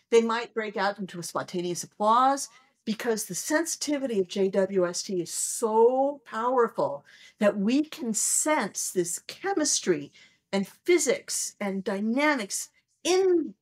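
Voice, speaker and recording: Animated woman in her sixties, slightly high. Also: slightly rough. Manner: animated storyteller who acts out her own excited reactions. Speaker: planetary astronomer, interview guest. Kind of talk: conversational interview.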